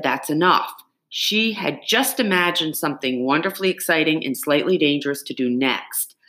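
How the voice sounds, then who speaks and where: A woman narrates a storybook in a low voice, unhurried and very expressive, her pitch rising and falling widely. The reading is dramatic and carefully paced. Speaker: audiobook narrator.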